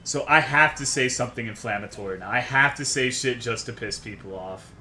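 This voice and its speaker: A man's voice: mid-range voice, a little fast, pushed and bright, slight background noise. A man streaming a game, ranting to his chat in a worked-up, profane way. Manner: profane, worked-up, swears constantly.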